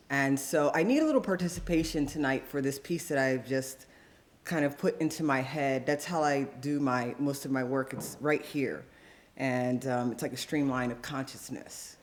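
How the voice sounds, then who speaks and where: A man with a somewhat high voice addresses a live audience from the stage. He is chatty and coaching, stopping often to check that the crowd follows along. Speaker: open mic poet. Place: live venue before an audience.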